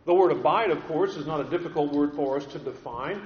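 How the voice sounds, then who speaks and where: A man preaching a sermon to his congregation, earnest and deliberate, often repeating words as he restarts a phrase. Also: fairly high pitch. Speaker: pastor. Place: church sanctuary with a congregation. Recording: dull echoey recording in a large hall.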